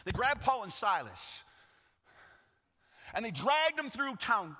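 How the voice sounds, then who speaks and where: Animated man preaching a sermon. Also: extremely high pitch, takes it slowly. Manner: dramatic storytelling with call-and-response. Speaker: pastor. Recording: echoey hall.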